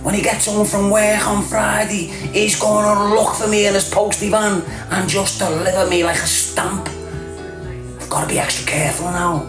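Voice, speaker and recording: In a roomy space with faint music playing, a middle-aged Scouse livestream host from the Liverpool area delivers a casual rant. His voice sits high, his tone level, his pace normal. The banter is mocking and streetwise, he often laughs, and he calls everyone "lad".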